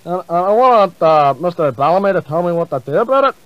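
A man doing a loud foul-mouthed caller. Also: high-pitched, expressive, fast talker, dry recording. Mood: blunt. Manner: loud, blunt, sweary. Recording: muffled comedy CD.

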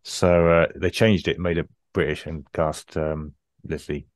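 A man co-hosting a casual podcast chat, talking with frequent ums and pauses and laughing easily. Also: very deep voice, fairly even intonation, no room sound, studio quality. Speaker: podcast host.

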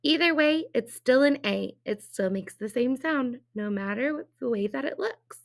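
A woman's voice: high-pitched, lively intonation, moderate pace, gravelly. A woman teacher giving a phonics lesson to young children, drawing out sounds and asking cheerful, encouraging questions. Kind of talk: early-reading phonics lesson.

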